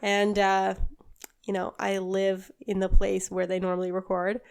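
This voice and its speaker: A talkative woman chatting on a podcast, her voice smooth and clear. She is openly opinionated and keeps doubling back to correct herself. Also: medium pitch, monotone, a little slow. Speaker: podcast co-host. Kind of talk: casual chat.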